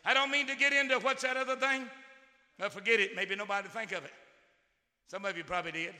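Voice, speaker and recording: A man preaches in a very high, piercing, sharp voice. Long reverb trails off each phrase in a big hall. He drops to near-murmurs, then bursts into shouts, and he repeats words as he goes. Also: quick pace. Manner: swings from quiet musing to shouted outbursts. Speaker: pastor. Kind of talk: sermon.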